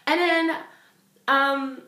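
A young woman with a somewhat high voice tells a story to the camera, animated and chatty, with "like" dropped all through her sentences. The room around her sounds echoey. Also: drawn-out words. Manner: animated, chatty, full of "like" fillers. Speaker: vlogger. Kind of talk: excited storytelling.

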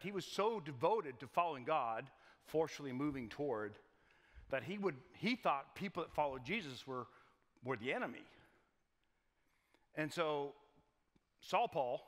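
Folksy preacher in a reverberant hall. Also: male voice, mid-range voice, fairly bright tone. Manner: folksy, joking asides, repeats words. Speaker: pastor. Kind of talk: conversational sermon. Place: church sanctuary. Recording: long church reverb.

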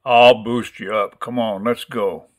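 A man voicing a strong adult farmer who coaxes a boy in a gruff but gentle way. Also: fairly low pitch, fairly even intonation, a little slow, natural voice. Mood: coaxing.

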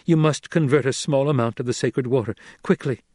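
A man's voice: medium pitch, brisk, darkish tone, no room sound, clean studio sound, pitched above the performer's own voice, close to an everyday voice. A man reading the lines of a young woman who gives firm, urgent commands.

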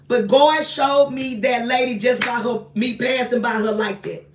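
A woman's voice: high-pitched, fairly even intonation, normal speed, recorded from a distance. A woman, talking to her viewers in a casual livestream from her apartment, emphatic and repetitive as she preaches. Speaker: online ministry host. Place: small home apartment, indoors. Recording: echoey room, voice off-mic.

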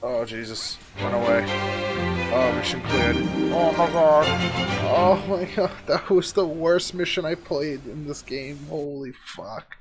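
A man's voice: a little high, a little slow, music in the background. A man giving casual let's-play commentary, exasperated and swearing often as he talks back at the game. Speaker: gaming YouTuber.

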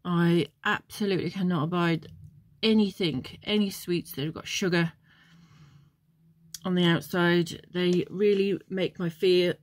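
A woman's voice: on the low side, fairly even intonation, measured pace. A woman chatting casually as she tastes and reviews chocolates, wandering off into memories with plenty of ums. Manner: chatty, meandering, many ums. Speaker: vlogger.

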